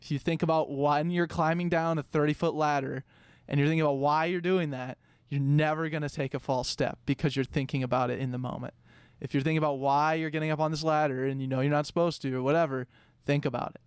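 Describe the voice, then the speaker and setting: A man's voice: fairly high pitch, steady tone, fast talker, smooth, no room sound, studio quality. A young man, a podcast co-host, telling a work story in a rambling, casual way with lots of fillers.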